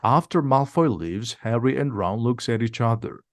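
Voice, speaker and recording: A man reads a simplified storybook aloud. His pace is steady and his words are clear. He speaks at a middle pitch, and the recording is dry and close. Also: normal speed, dry recording. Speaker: audiobook reader.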